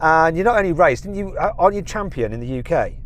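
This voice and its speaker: A man's voice: fairly high pitch, animated, fast, slight background noise. A middle-aged man presenting a car show in a jokey, self-mocking, chatty way from inside a car. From England. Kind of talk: jokey car review chat.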